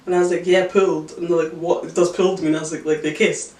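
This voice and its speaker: Young woman, Scottish accent, expressive anecdote-teller; echoey, distant mic, light clicks. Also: lowish voice, fast, a little hiss or hum. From Scotland. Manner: expressive anecdotes with quoted voices. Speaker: podcast co-host. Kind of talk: casual chat.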